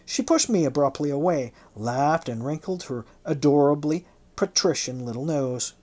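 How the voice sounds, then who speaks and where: An audiobook narrator reading a historical novel in the first person, in a measured, literary way. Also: medium pitch, expressive, a little mellow.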